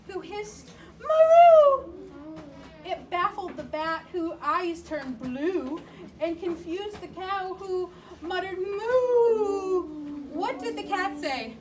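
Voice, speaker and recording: A woman reading a picture book aloud to a child in a slow, sing-song way, stopping to ask questions. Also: very high voice. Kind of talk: read-aloud storytelling. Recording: distant mic with clear background noise.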